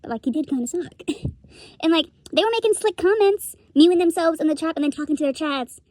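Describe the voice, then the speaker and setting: Young woman vlogger, high voice, dry close sound, rambling swearing rant. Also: brisk, darkish tone, no echo. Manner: rambling, profane, laughs often. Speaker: streamer commentator. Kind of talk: casual rant commentary.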